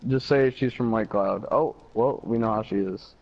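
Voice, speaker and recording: A man's voice: fairly low pitch, moderate pace, creaky. A young man from Michigan telling a story casually over a game headset, with fillers and swearing. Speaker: gamer chatting on a live stream. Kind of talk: casual chat. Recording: slightly dull party-chat audio.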